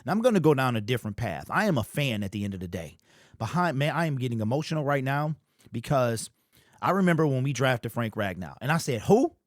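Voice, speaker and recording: A man's voice: mid-range voice, big pitch swings, fast, no echo. Emotional man talking sports, dry sound. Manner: casual, repeats himself, says "bro" and "man". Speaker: fan channel host. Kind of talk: emotional sports commentary monologue.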